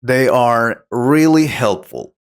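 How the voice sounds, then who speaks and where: A man acting as an English teacher who explains pronunciation tips patiently and clearly in a scripted conversation lesson. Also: mid-range voice, expressive, slow.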